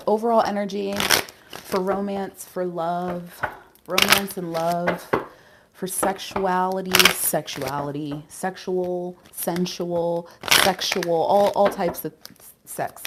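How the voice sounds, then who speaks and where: Tarot reader, female, lowish voice, candid and giggly, swears casually; faint hiss. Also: slow pace. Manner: emotional and giggly. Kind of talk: casual live tarot reading.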